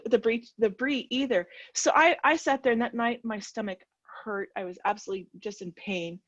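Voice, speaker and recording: A woman telling an animated story on a coaching call and acting out the dialogue. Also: fairly high pitch, normal speed, no echo, highs cut off. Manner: animated, laughing at herself, acts out dialogue. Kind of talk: casual storytelling on a group call. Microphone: video call.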